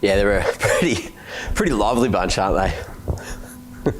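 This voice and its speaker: A man's voice: on the low side, lively intonation, normal speed, a little hiss or hum, low-quality recording. A man from Australia with an Australian accent, talking in an easygoing, matter-of-fact way in a comedy sketch. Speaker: esports guest.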